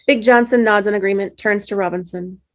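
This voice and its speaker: A woman reading stage directions in an even, matter-of-fact way in a table read over a video call. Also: mid-range voice, fairly quick.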